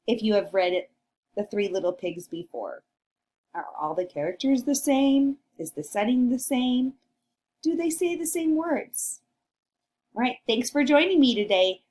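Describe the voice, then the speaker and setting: A woman's voice: mid-range voice, darkish tone. Sing-song woman teaching little kids. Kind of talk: read-along lesson for young children.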